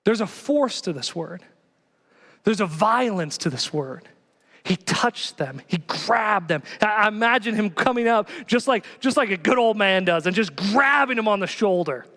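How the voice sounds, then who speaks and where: A man preaching a sermon as pastor, animated and emphatic, repeating key phrases. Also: high-pitched, moderate pace, in a large hall.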